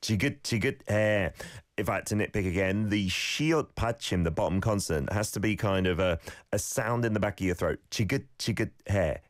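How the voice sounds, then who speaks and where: A man hosting a radio show, playfully correcting listeners' pronunciation and repeating phrases slowly. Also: sits low, no room sound, studio quality. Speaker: radio host teaching Korean phrases. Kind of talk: casual radio lesson.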